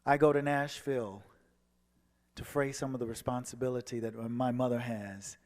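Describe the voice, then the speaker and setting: A man giving a personal testimony as a guest speaker, telling his story and acting out the dialogue, moving from hushed passages to soaring ones. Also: medium pitch, fairly even intonation, moderate pace. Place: church sanctuary. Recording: long hall reverb.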